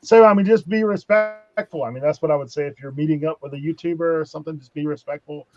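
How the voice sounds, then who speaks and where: A man's voice: fairly high pitch, quick pace, a little mellow, faint music behind. A man joining a podcast chat as a guest, talking earnestly and filling his sentences with lots of fillers. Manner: earnest, filler-heavy advice. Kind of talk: casual live podcast chat. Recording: dull lo-fi audio.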